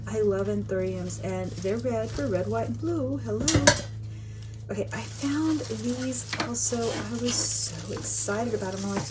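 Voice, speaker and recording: A middle-aged woman, chatting excitedly through a craft shopping haul in a casual, gushing way. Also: medium pitch, moderate pace, very noisy. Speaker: craft vlogger.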